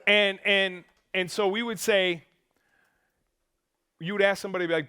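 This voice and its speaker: A man preaching a sermon in a church, animated, acting out quotes and swinging from loud bursts to hushed tones. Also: sits high, moderate pace, pauses often, clean tone. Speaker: pastor. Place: church auditorium.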